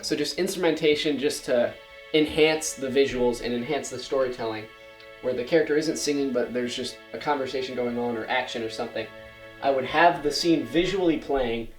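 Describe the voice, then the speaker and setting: Chatty teenage boy presenting, roomy echo. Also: mid-range voice. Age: late teens. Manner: chatty, explanatory, with frequent "like" and "so". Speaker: student presenter. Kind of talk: casual slideshow presentation. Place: school presentation room. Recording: roomy echo with faint music.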